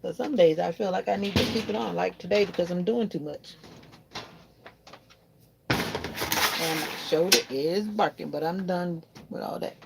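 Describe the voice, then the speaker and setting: A woman's voice: fairly low pitch, brisk, vocal fry, few pauses, very noisy. A woman chatting casually to her viewers while doing laundry at home, rambling from one thought to the next. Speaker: vlogger. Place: home in Florida.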